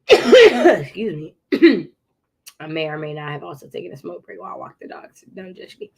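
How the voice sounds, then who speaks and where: A woman hosting a casual writing livestream, chatty and encouraging as she reads viewers' comments and clears her throat now and then. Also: fairly low pitch, big pitch swings, a little slow, long pauses. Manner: occasional throat clearing and coughs. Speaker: livestream host.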